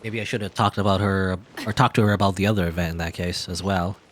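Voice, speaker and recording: A man's voice: deep voice, fairly even intonation, fast, a little hiss or hum. A man streaming a video game, joking around playfully and reading the on-screen text aloud. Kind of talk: gaming livestream commentary.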